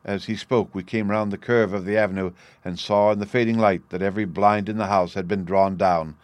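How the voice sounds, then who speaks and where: Low-voiced male audiobook narrator. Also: fairly even intonation, fairly quick, dry recording. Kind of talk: scripted narration of a classic detective story.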